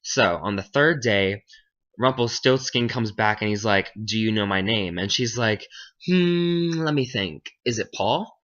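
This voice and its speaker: A man's voice: on the low side, steady tone, normal speed, sharp tone. A young man casually retelling a fairy tale in slang, flippant and jokey, briefly acting out the characters. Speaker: storyteller. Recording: dull lo-fi home recording.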